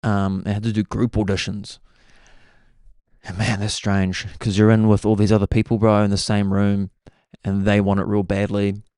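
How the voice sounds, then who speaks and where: A young man with a New Zealand accent, hosting a podcast and telling stories in an excitable, casual way. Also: lowish voice, normal speed, clean tone, no echo, clean studio sound. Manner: excitable, says "bro" constantly. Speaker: podcast host. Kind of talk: casual storytelling chat.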